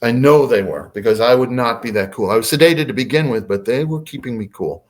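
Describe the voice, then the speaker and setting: A man's voice: medium pitch, brisk. A man who is a podcast guest, telling a story casually and hesitantly, with many fillers.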